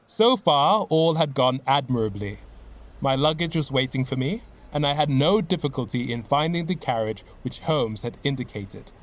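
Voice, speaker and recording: Expressive male audiobook narrator. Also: medium pitch, slight background noise. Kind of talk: scripted narration of a classic story.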